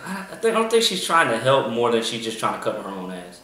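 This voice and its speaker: A man's voice: medium pitch, huge pitch swings, fast talker, pushed and bright. A man co-hosting a casual TV review chat, rambling with lots of ums and restarts. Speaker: podcast co-host. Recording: echoey room, mic far off.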